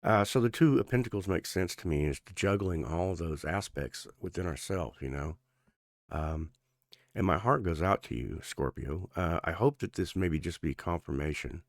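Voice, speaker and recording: Man, very deep voice, tarot reader, rambling and earnest, sore gums, dry close sound. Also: moderate pace, creaky, no room sound. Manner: rambling, earnest, many fillers and restarts. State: sore gums affecting speech. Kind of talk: casual tarot reading.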